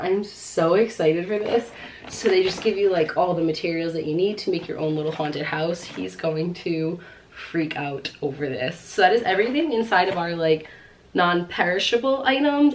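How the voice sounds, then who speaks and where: A woman's voice: fairly low pitch, a little hiss or hum. A pregnant young woman chatting at home through a casual haul vlog, gushing with lots of fillers and short of breath. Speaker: vlogger.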